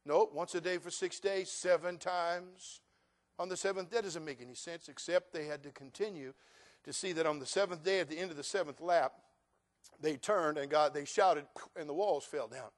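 A middle-aged male pastor preaches a sermon, starting with folksy storytelling before building into loud, emphatic preaching. His voice is a little high, and he keeps a moderate pace.

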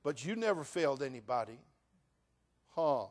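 A male pastor preaching a sermon, swinging from loud rants to quiet asides. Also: medium pitch, big pitch swings, moderate pace, very noisy. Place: church.

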